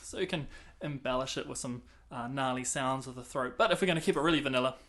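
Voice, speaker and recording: A man's voice: mid-range voice, fast, a bit bright, soft background music. A man teaching clarinet, counting and singing rhythms aloud between casual explanations. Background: clarinet playing between talk.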